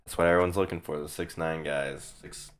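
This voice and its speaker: A man's voice: deep voice, fairly even intonation, a little fast. A young man giving casual, rambling reaction commentary on basketball prospects, restarting his sentences often while he is losing his voice. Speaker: sports video host.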